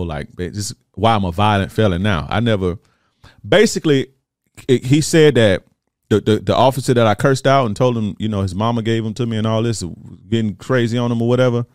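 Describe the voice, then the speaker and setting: A man telling a story on his podcast in animated, profane casual style, acting out what people said. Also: on the low side, clear, resonant tone, dry recording, studio quality. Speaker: podcast host.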